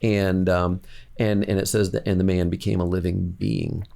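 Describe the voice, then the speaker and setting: A man speaking slowly and reflectively as a podcast guest, pausing often with fillers. His voice is deep, with a gravelly rasp. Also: flat delivery, mellow. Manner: thoughtful, measured, with many fillers. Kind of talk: casual chat, reflective faith talk.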